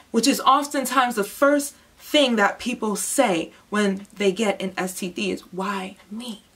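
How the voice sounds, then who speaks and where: A young woman giving an emotional personal testimony, moving between hushed, heavy moments and impassioned outbursts. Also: on the high side, breathy edge. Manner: intense, swings from hushed to impassioned. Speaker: testimony speaker.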